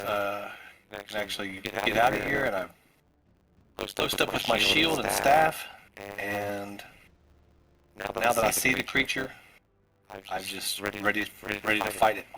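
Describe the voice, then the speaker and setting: A man's voice: on the low side, fairly even intonation, takes it slowly, gravelly, pauses often, a crowd in the background, low-quality recording. A man playing in a tabletop game, talking hesitantly as he thinks aloud. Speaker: player.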